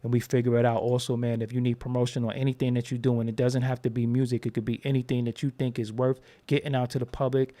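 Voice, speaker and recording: A male host with a mellow, medium-pitched voice rambles through a casual, profanity-laced monologue on his channel, voicing the characters he quotes as he tells stories.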